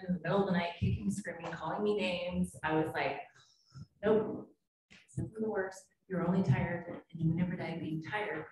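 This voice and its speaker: A woman's voice: lowish voice, mellow. A woman psychiatrist giving a conference keynote, talking in a conversational, anecdotal and self-deprecating way. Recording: very echoey hall, distant mic, faint noise.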